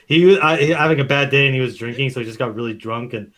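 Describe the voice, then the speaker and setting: A man's voice: mid-range voice, fast talker, a bit bright. A man co-hosting a podcast, blunt and teasing, swearing freely in casual chat. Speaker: podcast co-host.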